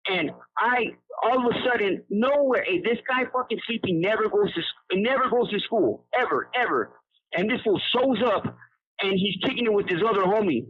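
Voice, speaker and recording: This incarcerated man speaks in a husky, high-pitched voice over a tinny prison phone. His story comes out casual and rambling, peppered with street slang and restarts.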